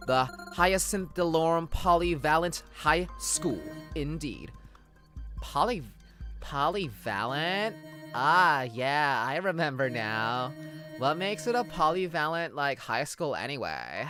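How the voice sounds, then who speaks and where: A man streaming a game, reading its text aloud and riffing on it in a jokey, excitable way, swearing and often breaking into loud shouts. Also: on the high side, a little slow, soft background music. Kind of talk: let's play commentary and reading game text.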